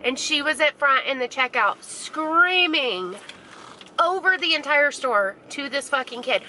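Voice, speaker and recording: A woman's voice: high voice, unhurried, noisy background. A woman vlogging casually from her car and stores, telling a gossipy story with lots of swearing. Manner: profane, gossipy, animated storytelling. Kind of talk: casual chatty vlog. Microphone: handheld camera mic.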